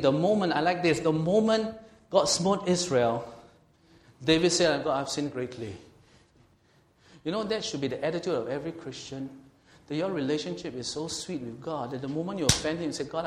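A man with a Singaporean English accent preaching a sermon as a pastor, swinging between loud and quiet delivery and acting out quoted speech. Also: on the high side, a little fast, roomy sound. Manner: lively, swings from loud to quiet, laughs often, acts out quotes.

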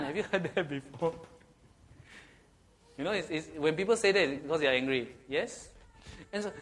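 Guy preaching a sermon, slightly high voice, keeps asking the crowd okay?. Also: moderate pace, pauses often, fairly bright tone. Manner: rhetorical questions with frequent "okay?" check-ins.

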